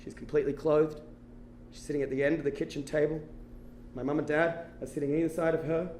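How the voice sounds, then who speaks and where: High, fast-talking male stand-up storyteller. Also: reverberant, a little hiss or hum. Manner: animated, swings from hushed to shouting. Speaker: stand-up comedian. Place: stage before a live audience.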